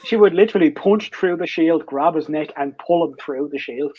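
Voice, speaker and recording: A man's voice: fairly high pitch, a little fast, a little mellow, husky, dry recording, lo-fi sound. A man in a casual stream chat, telling crude stories and swearing constantly.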